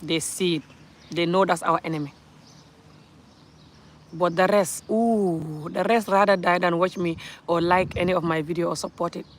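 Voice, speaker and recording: A woman's voice: fairly low pitch, steady tone, moderate pace, pauses often, slight background noise. A woman from Gambia with a Gambian accent, talking bluntly and emphatically to camera in a vlog rant, often breaking into laughter. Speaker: vlogger. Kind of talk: ranting vlog monologue.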